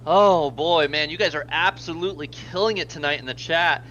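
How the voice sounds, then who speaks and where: In a muffled recording, an American man with a fairly high, fairly bright voice talks a little fast while calling air hockey live. He's almost out of voice, rambling and chatty, and thanks donors between plays.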